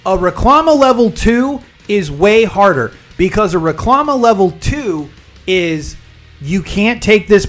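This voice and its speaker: Guy streamer w a high voice, casual rambly storytelling, bit of music behind. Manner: chatty, rambling storyteller who explains jargon.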